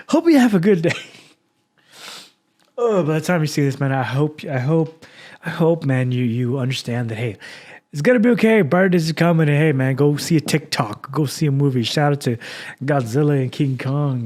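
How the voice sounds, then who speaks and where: A man's voice: medium pitch, a little slow, pauses often, darkish tone. A man hosting his own podcast, talking rawly and heartfeltly after crying, with sighs and pep-talk encouragement. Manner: raw, heartfelt, motivational, with sighs. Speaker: podcast host. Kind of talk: emotional solo podcast talk.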